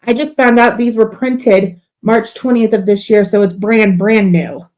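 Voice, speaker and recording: Talkative woman co-host, slightly high voice. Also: steady tone, a little slow, darkish tone, poor audio. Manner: talkative, laughs easily, self-correcting. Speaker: livestream co-host. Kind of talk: casual livestream chat.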